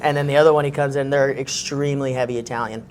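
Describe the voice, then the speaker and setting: Fast-talking man in casual chat. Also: mid-range voice, steady tone, a little hiss or hum. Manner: fast, rambling storyteller. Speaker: podcast host.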